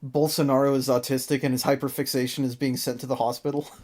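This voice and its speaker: An animated podcast host talking through a cartoon episode with co-hosts in relaxed review chat. The voice sits at an ordinary middle pitch and moves from flat recap to sudden incredulous outbursts, with frequent laughs. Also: fast talker. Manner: animated, exasperated, laughs often.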